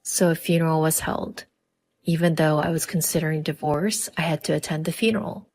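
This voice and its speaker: A woman telling a first-person family drama story in scripted, even narration. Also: deep voice, brisk.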